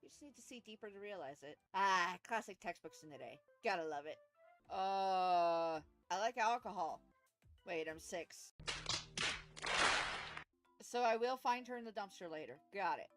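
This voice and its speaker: A woman streamer reads game lines and jokes with her chat, cursing freely between loud reactions. Her mid-height voice swings a lot in pitch, and soft music plays underneath. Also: moderate pace. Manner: joking, swears freely, lively reactions. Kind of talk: casual gameplay commentary.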